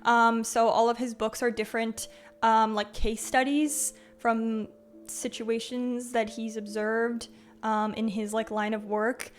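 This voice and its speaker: A young woman streaming live, chatting loosely with her chat, stringing thoughts together with "like" and "um" and breaking into giggles. Her voice sits a bit high for a woman. Soft music plays underneath her. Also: flat delivery, slow. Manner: chatty, filler-heavy, giggly, greets chat by name.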